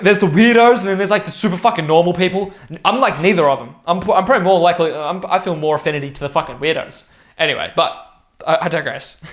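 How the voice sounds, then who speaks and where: A man's voice: a little high, a bit bright. A young man talking straight to camera in a rambling, profane, intense and emphatic monologue. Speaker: vlogger.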